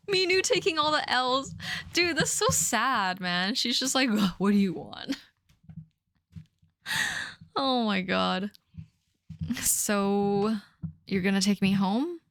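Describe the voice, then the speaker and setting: A woman's voice: a little high, a bit bright, no room sound. A woman in her thirties reading her teenage fanfic aloud on a live stream, often breaking off to laugh and comment. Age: 30s. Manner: laughing at her own writing, mock-dramatic asides.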